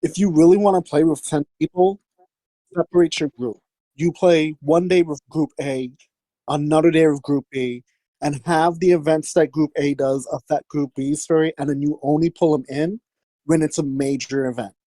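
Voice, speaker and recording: Practical male player, slightly high voice, dry recording. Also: fairly even intonation, normal speed, mellow, no echo, poor audio. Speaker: player giving advice. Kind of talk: casual chat.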